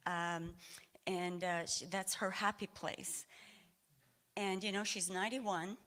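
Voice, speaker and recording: A woman's voice: medium pitch, fairly bright tone. A woman from Maine telling a personal story at a church service, rambling with many fillers and restarts, laughing often and sounding a little emotional. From Maine, USA. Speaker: congregant sharing a personal story. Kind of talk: informal testimony at a church service. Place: church sanctuary.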